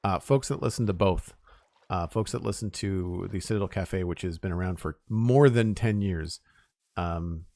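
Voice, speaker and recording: A middle-aged man live-streaming a building game, thinking aloud in a relaxed way and thanking viewers by name. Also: low voice, normal speed, no echo, studio quality. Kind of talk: casual live-stream chat.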